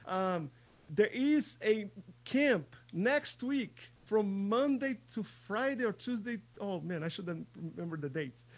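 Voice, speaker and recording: A man teaching an online percussion workshop, chatty, repeating words as he talks, and counting in loudly over a practice track. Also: sits high, lively intonation, slow.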